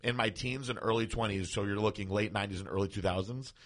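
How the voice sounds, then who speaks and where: A man's voice: on the low side, steady tone, fast, fairly bright tone. A man in his forties telling stories in a casual podcast chat, laughing often. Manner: laid-back storyteller who laughs often.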